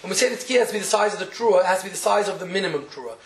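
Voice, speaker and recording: High-voiced man teaching in an echoey room. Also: lively intonation, very fast, crowd noise. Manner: methodical, repeats steps to explain. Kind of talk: religious law class lecture.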